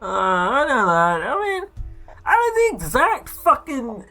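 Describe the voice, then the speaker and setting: A woman's voice: high-pitched, huge pitch swings, slow, pushed and bright, faint music behind, heavily acted. A woman reading the lines of a cranky young male alien troll in a comic webcomic reading, with exasperated, self-loathing outbursts.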